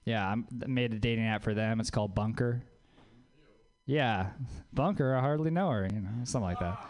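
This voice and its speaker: A man's voice: fairly low pitch, normal speed. A man from Louisiana doing a stand-up comedy set on a club stage, dry and self-mocking, with crude asides.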